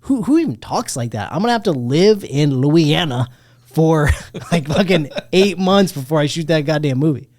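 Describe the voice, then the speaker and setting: A man in his thirties hosting a podcast, chatting casually about a movie, animated and jokey, with plenty of swearing. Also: fairly high pitch, normal speed, no echo, studio quality. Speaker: podcast host. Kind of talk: casual movie review chat.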